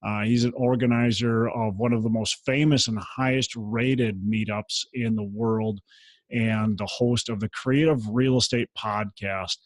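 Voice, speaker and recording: A man hosting a podcast interview, briskly reading out his guest's bio. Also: lowish voice, fairly even intonation, no echo, low-quality recording. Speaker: podcast host.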